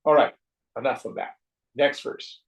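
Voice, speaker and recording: Slow, gravelly man teaching. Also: mid-range voice, rough recording. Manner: storytelling, wry and joking. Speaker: spiritual teacher. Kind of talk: teaching a class on scripture.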